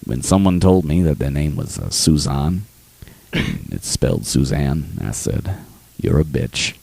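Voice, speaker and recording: A man puts on an older male film narrator who sounds calm and dignified. The voice sits extremely low and gravelly, with a dark, husky tone. It is recorded dry, close to the mic, in a radio studio. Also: no room sound, exaggerated voice. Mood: solemn. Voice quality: very deep, gravelly, slow and measured. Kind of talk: comic impression on talk radio.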